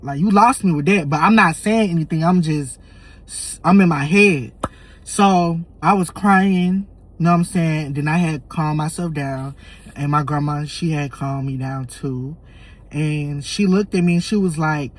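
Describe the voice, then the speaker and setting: A young man tells a storytime vlog. He is animated and emotional, and he acts out his own lines and his family's. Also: on the high side, unhurried. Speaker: vlogger.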